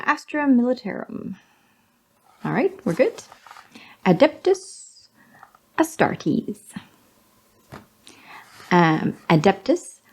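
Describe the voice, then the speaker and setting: A woman's voice: medium pitch, creaky. A woman hobby vlogger reading a magazine aloud with her own commentary. She sounds out each word, corrects herself, and stays amused.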